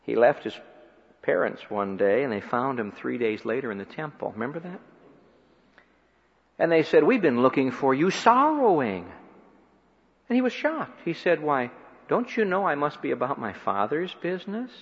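A man preaching a sermon, rising to loud emphatic peaks and dropping to quiet, low phrases. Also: big pitch swings, normal speed. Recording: dull lo-fi sound with long hall reverb.

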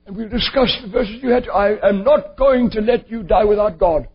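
Earnest male preacher, high husky voice, lo-fi. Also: normal speed. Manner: earnest, emphatic. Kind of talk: sermon storytelling. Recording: dull lo-fi recording.

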